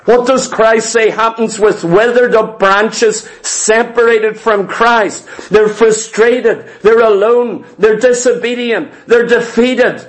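A man's voice: high voice, fairly even intonation, slow, few pauses. A man preaching a sermon to his congregation. He speaks with emphasis, repeats himself, and keeps asking rhetorical questions. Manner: emphatic and repetitive, often asks "do you know what".

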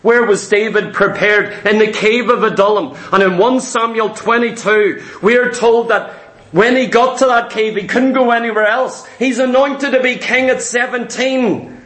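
A man preaching a sermon in an emphatic, repetitive style that at times rises to shouts. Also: very high voice, fairly even intonation, moderate pace. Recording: echoey room.

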